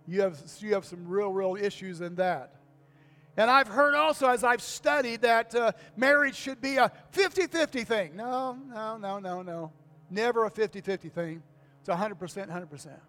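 Older male pastor, high-pitched, folksy sermon delivery, recorded in an echoing church with soft music under him. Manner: folksy, repeats key phrases, asks the congregation for amens. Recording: long reverb of a church hall.

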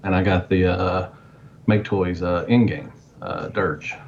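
A man co-hosting a casual podcast, talking haltingly with many fillers. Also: low voice, steady tone, vocal fry, dull audio, a little hiss or hum. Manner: halting, full of fillers, enthusiastic. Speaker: podcast co-host. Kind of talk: casual chat.

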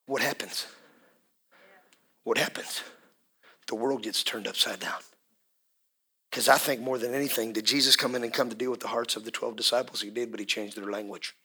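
A man preaching a sermon as pastor, swinging from hushed near-whispers to shouted refrains and urging the congregation to respond. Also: medium pitch, fairly even intonation, normal speed, pauses often, slightly rough.

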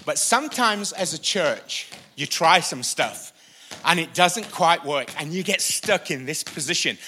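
A male pastor preaching a sermon, energetic and repetitive for emphasis. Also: fairly high pitch, unhurried, slight background noise. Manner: energetic, repeats lines for emphasis, uses a helper for a live demonstration. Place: church stage before a congregation.

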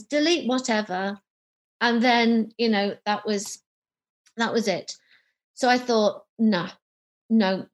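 Woman, middle-aged, guest storyteller, lively, voices remembered dialogue, somewhat high voice. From United Kingdom. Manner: animated, acts out remembered dialogue. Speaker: author and psychotherapist guest. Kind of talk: personal storytelling in an interview.

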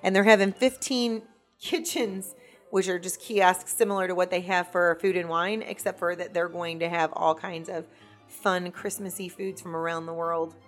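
A woman co-hosting a podcast in a studio, chatting excitably and sometimes losing her words mid-sentence. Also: fairly low pitch, normal speed, soft background music. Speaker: podcast co-host. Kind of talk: casual podcast chat. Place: recording studio.

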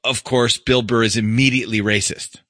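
Bright, profane male podcast storyteller. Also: mid-range voice, fairly even intonation, fairly quick, dry recording, clean studio sound. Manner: storytelling, profane, laughs often. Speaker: podcast co-host. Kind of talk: casual podcast chat.

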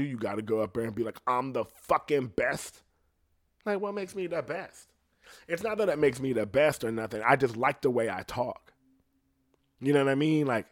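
A young man rambles on his podcast in loose, profane, offhand talk, now and then laughing at himself. His voice sits at an ordinary middle pitch. The sound is close and dry, with no room around it. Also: a bit bright, no room sound. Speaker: podcast host. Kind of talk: casual rambling monologue.

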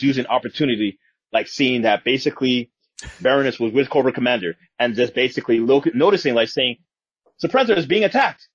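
A man's voice: mid-range voice, husky, dry recording. A man co-hosting a podcast, chatting casually and animatedly. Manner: animated, acts out scenes. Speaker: podcast co-host. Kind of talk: casual chat. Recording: dull dry lo-fi sound.

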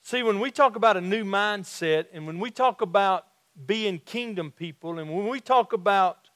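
A middle-aged man with a Southern accent preaching a sermon in a folksy way, restarting phrases and slowing down to stress his points. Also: sits high, a bit bright, no echo, studio quality. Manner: folksy, repeats and restarts phrases, slows for emphasis. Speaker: pastor.

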